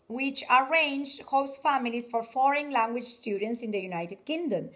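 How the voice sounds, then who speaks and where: This English teacher's voice sits high and sounds a bit bright as she instructs an online class. She repeatedly asks "yes, okay?" to make sure students follow. The recording has room echo and a far-off microphone.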